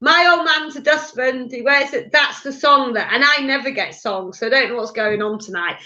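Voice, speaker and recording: A woman medium giving a live reading in a halting, chatty way, with many fillers and restarts. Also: on the high side, sharp tone, dull audio.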